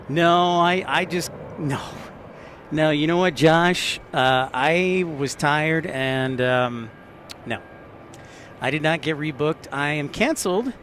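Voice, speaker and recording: A man talks in a slightly raised pitch, taking his time as he chats with his live audience. He jokes and answers viewers' messages while standing outdoors at an airport, with faint background noise around him. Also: a bit bright. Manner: joking, reads and answers live chat. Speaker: livestream host. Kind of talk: casual live-stream chat.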